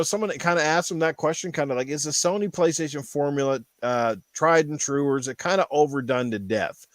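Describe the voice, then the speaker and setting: A man hosts a casual gaming podcast, talking in loose, rambling stretches full of fillers. His voice is high for a man. The sound is close and dry. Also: no echo. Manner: rambling, with many fillers and restarts. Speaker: podcast host.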